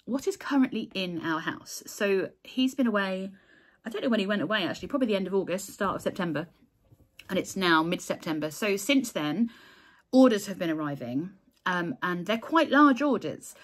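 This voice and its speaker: A woman in casual chat to camera, talking about her crochet work in a heartfelt, chatty way, with restarts and soft laughs; she says she is tired. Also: fairly low pitch, slightly rough. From England. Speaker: crochet designer and vlogger.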